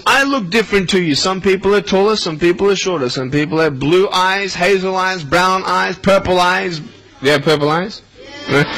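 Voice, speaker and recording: A man in his thirties with an Australian accent, giving an animated motivational talk to schoolchildren and quizzing them. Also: high voice. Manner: animated, playful, questions the audience. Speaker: motivational speaker. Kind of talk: speech to schoolchildren. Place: school hall with a child audience. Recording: noisy live hall recording.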